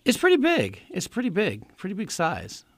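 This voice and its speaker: A man's voice: sits high, normal speed, vocal fry, dry recording. A man from Northern California, a comedian and impressionist, chatting in a radio studio interview and slipping into impressions. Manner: lively, slips into impressions.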